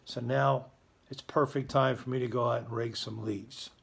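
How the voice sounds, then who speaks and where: A man hosting a school's morning announcements, with a voice of ordinary middle pitch. He talks casually and cheerfully to the children, cracking self-deprecating jokes along the way. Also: fairly even intonation, normal speed, vocal fry, slightly rough. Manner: chatty, joking, self-deprecating. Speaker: school morning show host.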